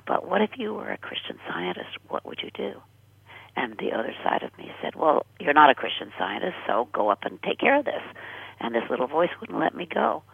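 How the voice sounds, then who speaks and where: An older woman with a deeply husky, gravelly voice tells her story in earnest and often sinks to a breathy near whisper. Her pitch rides up and down with lively swings. The sound is dry and tinny, like a phone line on the radio. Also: dry recording. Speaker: guest. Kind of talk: personal testimony in a radio interview.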